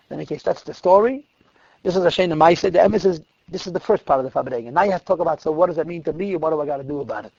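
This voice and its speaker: A man, a rabbi, telling stories in a lecture, lively in the telling and dropping to quiet asides. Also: fairly high pitch, rapid-fire, vocal fry, dry recording, muffled recording. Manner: animated retelling that drops to quiet asides. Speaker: rabbi teaching a class. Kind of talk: storytelling lecture.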